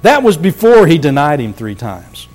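A man preaching a sermon as pastor, earnest and slowing down to stress words. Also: a little high, sing-song, darkish tone. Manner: earnest, slows down for emphasis.

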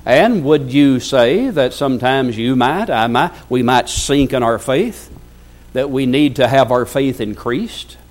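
A man delivering a sermon at a mid pitch, reading scripture passages aloud at length. He keeps turning to the congregation with rhetorical questions. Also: animated, a little slow. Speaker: preacher.

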